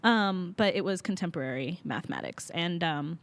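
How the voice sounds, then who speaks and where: A woman's voice: fairly low pitch, animated, normal speed. A young woman co-hosting a podcast, chatting casually with lots of fillers and laughs. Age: young adult. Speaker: podcast co-host. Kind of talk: casual chat.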